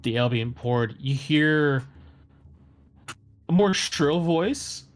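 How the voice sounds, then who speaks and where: A man's voice: a little high, expressive, takes it slowly. A man narrating a tabletop game as game master, loose and descriptive. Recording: faint background music.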